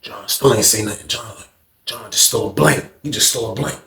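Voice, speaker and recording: A man's voice: mid-range voice, fast, vocal fry. A man telling a prison story in casual, slangy talk, acting out every scene. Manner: animated, slangy, acts out scenes. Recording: echoey room.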